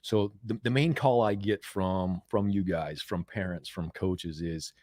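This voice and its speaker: A man's voice: deep voice, a little slow, no echo. An American man in his forties, a performance coach, telling stories in an interview with lots of repeated words. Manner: animated, repeats words, acts out quoted voices loudly. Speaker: mental performance coach, guest. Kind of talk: conversational interview storytelling.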